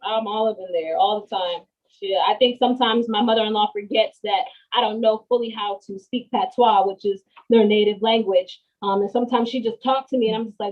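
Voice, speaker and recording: A chatty woman walks viewers through her cooking over a video call, slangy and full of restarts. Her voice sits at a middle pitch and comes through muffled, lo-fi call audio. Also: fairly even intonation, fairly quick, hardly any pauses. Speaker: guest cook. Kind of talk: casual cooking demo chat.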